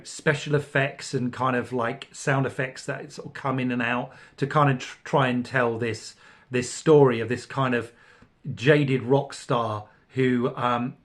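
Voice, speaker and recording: A middle-aged man hosting a casual podcast about vinyl records, rambling with many fillers and restarts. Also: mid-range voice. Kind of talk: casual spoken review.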